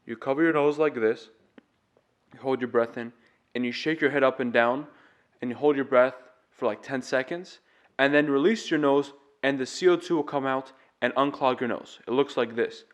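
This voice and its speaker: A man's voice: medium pitch, moderate pace. A man teaching singing, explaining vocal tips step by step in an earnest, demonstrative way. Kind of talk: casual vocal tutorial.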